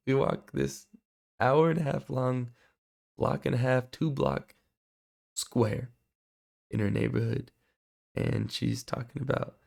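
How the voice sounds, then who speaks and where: Young man, mid pitch, very gravelly, hoarse, earnest testimony storyteller. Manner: earnest, excitable storytelling with fillers. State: voice going hoarse. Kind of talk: personal faith testimony.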